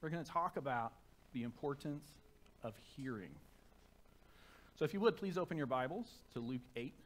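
A man preaching a sermon to a church congregation through a microphone, conversational and self-deprecating, turning soft and reverent in prayer. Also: medium pitch, expressive, normal speed. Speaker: pastor. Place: church sanctuary.

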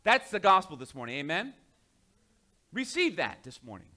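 A male pastor preaching a sermon in an animated way, often asking the congregation questions and dropping to a quiet voice for asides. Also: high voice, normal speed.

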